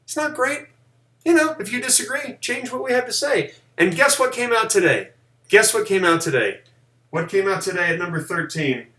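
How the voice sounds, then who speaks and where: A man hosts a live stream in a loose, joking way, his voice bright and a little high for a man. The room is echoey around him. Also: moderate pace. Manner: animated, jokey, does mocking high voices. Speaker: live show host. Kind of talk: casual live-stream chat.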